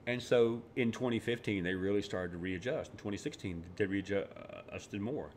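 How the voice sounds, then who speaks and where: A man with a lowish voice rants sarcastically through casual political commentary. He often stumbles and restarts his words, and a faint low rumble sits underneath. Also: moderate pace, darkish tone. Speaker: vlogger.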